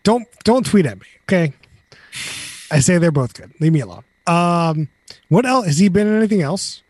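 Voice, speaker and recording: A man's voice: sits high, sing-song, normal speed, a little mellow, dry recording. A man hosting a casual podcast chat, joking and hedging as he talks. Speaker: podcast host.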